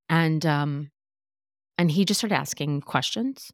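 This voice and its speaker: A woman's voice: deep voice, slow pace, no echo, studio quality. A woman hosting a podcast, telling a personal story candidly, with many fillers and restarts. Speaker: podcast host. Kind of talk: casual chat.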